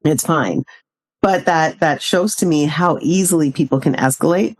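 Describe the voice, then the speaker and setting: Woman, podcast guest, low voice, measured and reflective, quick to laugh. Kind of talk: casual chat.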